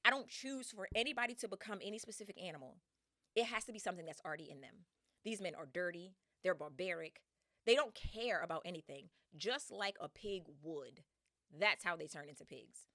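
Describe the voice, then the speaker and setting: Woman voicing a calm, weary enchantress. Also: lowish voice, brisk, dry recording, studio quality. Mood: explaining.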